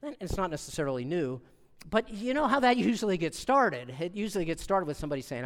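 A middle-aged male pastor preaching a sermon in an animated way, acting out the people he quotes. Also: high-pitched, fast talker, big-room sound.

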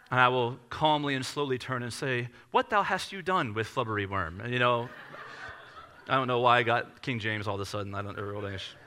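A man's voice: mid-range voice, sharp tone, slight background noise. A man in his thirties, a pastor preaching a sermon to a congregation in a conversational, self-deprecating storytelling manner.

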